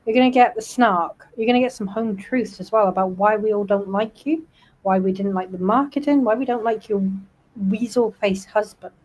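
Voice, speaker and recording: A woman's voice: mid-range voice, normal speed, a little mellow, rough recording. A British woman hosting a casual livestream panel chat, talkative and snarky, often breaking into laughter. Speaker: livestream host.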